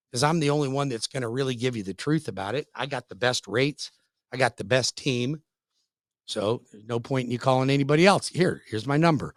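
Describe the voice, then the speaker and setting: A middle-aged man hosting a radio show, giving a pushy, folksy, emphatic sales pitch that repeats points for emphasis. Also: no room sound, studio quality. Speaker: radio show host and mortgage lender. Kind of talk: hard-sell radio pitch.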